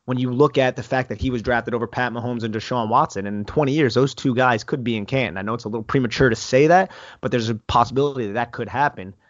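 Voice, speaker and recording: A man's voice: medium pitch, fast. A man co-hosting a sports podcast, sharing blunt hot takes in an easygoing, casual way. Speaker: podcast co-host. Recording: dry, dull lo-fi sound.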